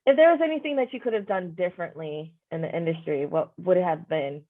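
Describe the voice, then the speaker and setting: A woman's voice: on the low side, quick pace. A woman hosting a podcast interview, reflective and affirming, often saying "you know". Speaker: podcast host. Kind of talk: conversational interview. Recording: phone-like narrow sound.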